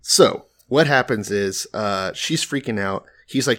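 A man's voice: fairly low pitch, animated, unhurried, a bit bright. A man co-hosting a casual chat, retelling a story in a laid-back, profane way. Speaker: podcast co-host.

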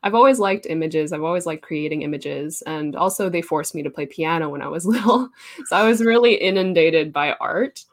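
A woman's voice: sits low, a little fast. A young woman artist in a casual interview, chatty and laughing often, with many fillers.

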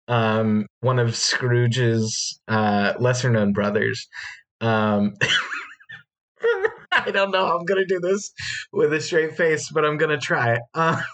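Man, player, slow drawl, hesitant, many fillers, stifled laughs, mid pitch. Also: fairly bright tone. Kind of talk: describing a tabletop character.

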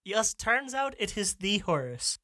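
A man's voice: high voice, big pitch swings, unhurried, sharp tone, dry recording, clean studio sound. A man speaking as a player in a tabletop game, casual and matter-of-fact.

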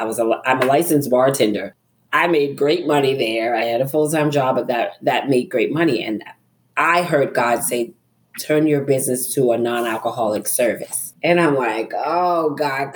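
A middle-aged woman, a guest author on a podcast, telling a personal story in a lively way, acting out her own thoughts and often laughing. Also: sits low.

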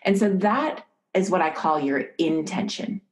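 A middle-aged woman from the United States, an author and professor, explaining ideas calmly as a podcast guest. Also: lowish voice, low-quality recording. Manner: calm, measured teaching. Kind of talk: podcast interview, storytelling.

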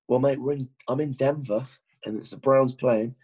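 A British man co-hosting a casual podcast chat, talking quietly from a hotel room in the early hours. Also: mid-range voice, fairly even intonation, normal speed, breathy edge, muffled recording. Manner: hushed, keeping quiet at 4am. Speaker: podcast co-host.

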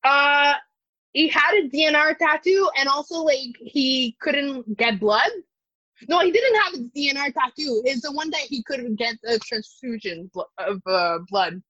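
Lively, high-voiced woman on a dull dry line. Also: a little slow. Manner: hesitant, lots of likes and fillers. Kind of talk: casual TV recap chat.

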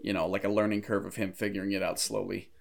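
A man's voice: low voice, little pitch movement, fast, vocal fry. A man co-hosting a podcast, casually talking through a film and picking apart its plot details. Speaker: podcast co-host. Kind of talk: casual movie discussion.

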